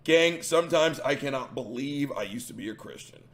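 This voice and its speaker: A man's voice: mid-range voice, expressive, moderate pace. A man hosting a reaction commentary, ranting combatively and sarcastically with lots of swearing. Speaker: commentary host.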